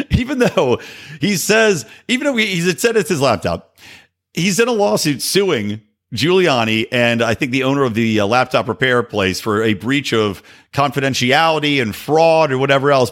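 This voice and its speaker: A male podcast host in a sarcastic rant, full of asides. His pitch swings widely from phrase to phrase, and his voice sits at an ordinary middle height. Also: expressive, normal speed, a bit bright. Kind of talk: opinionated political commentary.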